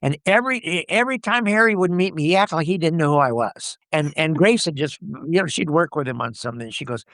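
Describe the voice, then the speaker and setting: A man's voice: a little high, expressive, fast talker, few pauses, fairly bright tone, no echo, clean studio sound. An older man, a guest actor, telling rambling stories in a casual interview with many "you know"s and restarts.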